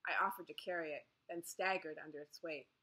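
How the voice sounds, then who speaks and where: Woman narrator, bright tone, first-person audiobook reading, steady clear delivery. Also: sits low, a little fast.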